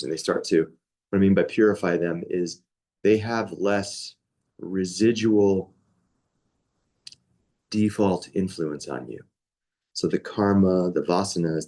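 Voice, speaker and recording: A young man with a fairly low voice leads a yoga training class. He talks casually and conversationally, stopping often to check in with his students. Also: darkish tone. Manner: casual, conversational, with many asides and "right?". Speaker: yoga teacher.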